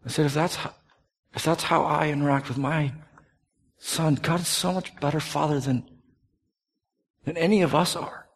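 A man in his thirties preaching a sermon, earnest, dropping to soft, hushed tones at tender moments. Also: a little high, fairly even intonation, moderate pace, long pauses. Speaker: pastor. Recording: long hall reverb.

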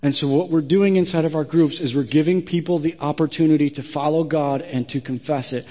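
A male pastor delivering a sermon in a large hall, his voice ringing out with a long reverb. He speaks in a slightly higher register, blunt and emphatic in his direct address. The tone is forceful and pointed. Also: steady tone, a little fast.

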